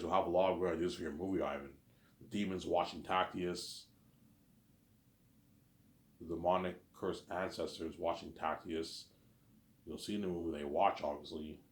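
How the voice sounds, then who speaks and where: A man rambling on in a casual monologue, repeating and restarting his phrases. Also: low-pitched. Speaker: vlogger. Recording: echoey room.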